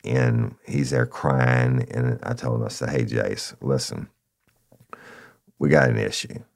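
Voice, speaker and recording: Man, middle-aged, very low gravelly voice, folksy and profane storyteller. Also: fairly even intonation, slow, darkish tone. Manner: folksy and profane, addresses listeners as y'all. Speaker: podcast storyteller, former narcotics officer. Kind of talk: casual first-person storytelling.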